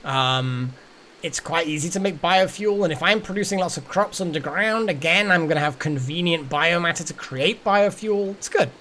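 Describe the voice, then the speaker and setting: A man's voice: on the high side, normal speed, sharp tone, a little hiss or hum. Chatty rambling male game streamer. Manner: rambling, chatty, talks to chat. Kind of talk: casual gameplay commentary.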